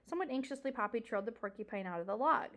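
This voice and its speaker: Expressive woman reading a storybook. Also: a little high, racing. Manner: expressive, pointing out pictures. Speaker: reader. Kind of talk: reading a children's novel aloud.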